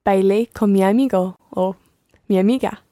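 A woman's voice: mid-range voice, steady tone, normal speed, mellow, dry recording, clean studio sound. A woman learning Spanish, repeating phrases after her teacher. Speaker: language student.

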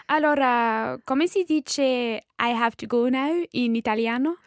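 A woman playing a polite young Scottish woman tourist who is learning Italian and speaks it slowly and carefully. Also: a little high, no room sound, studio quality.

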